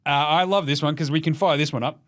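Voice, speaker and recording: A man's voice: a little high, fairly even intonation, fast, a bit bright. A man from Australia hosting a casual sports podcast, rowdy and sweary, cracking jokes and slipping into silly voices. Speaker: podcast host.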